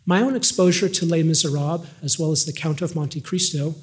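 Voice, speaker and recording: An older man giving a scripted devotional talk, measured and gently humorous, ending with a religious close. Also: on the high side. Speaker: devotional speaker.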